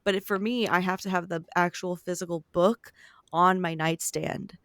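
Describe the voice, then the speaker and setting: Young woman podcast host, chatty and upbeat, gravelly fry, dry mic. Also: lowish voice, steady tone, moderate pace, dry recording. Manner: chatty, upbeat, fillers and asides. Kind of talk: casual podcast chat.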